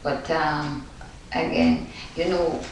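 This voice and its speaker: A woman's voice: sits low, sing-song, slow, far from the mic, slight background noise. A woman with a Jamaican accent, a guest actress telling stories in a casual interview and acting out the quotes. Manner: storytelling, acts out quotes. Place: TV studio. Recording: echoey studio from off-mic.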